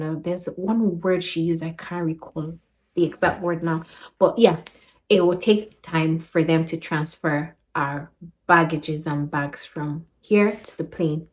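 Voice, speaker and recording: A young Nigerian woman with a Nigerian accent, recounting her travels in a casual vlog and acting out the people she quotes. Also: low voice. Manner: animated retelling, acting out quoted voices. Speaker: vlogger.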